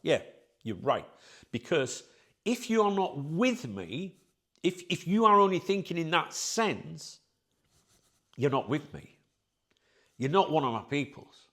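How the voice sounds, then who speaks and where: A man's voice: a little high, sing-song, slow pace, pauses often, a bit bright. A middle-aged man, hosting his own channel and talking bluntly and candidly to his viewers, sweary and rambling. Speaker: channel host.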